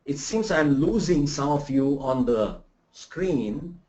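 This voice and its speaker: Male trainer from India, high lively voice, rhetorical questions to a remote class; roomy, dull recording. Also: slow pace. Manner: animated, rhetorical questions, demonstrates examples. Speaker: soft skills trainer. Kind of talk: live remote lecture. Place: room in Bangalore.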